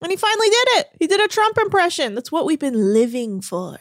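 A woman co-hosting a podcast, recapping a reality show in an animated, sarcastic way, laughing and swearing often. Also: extremely high pitch, brisk, no echo, clean studio sound. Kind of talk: casual chat.

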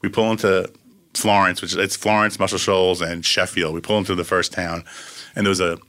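A man's voice: low voice, level tone, fairly quick, sharp tone. A man, a record producer, telling casual anecdotes and acting out the lines of other people.

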